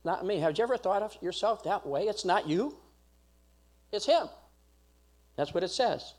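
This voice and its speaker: A man's voice: high-pitched, expressive, normal speed, long pauses. A man preaching a sermon as pastor, emphatic and repetitive.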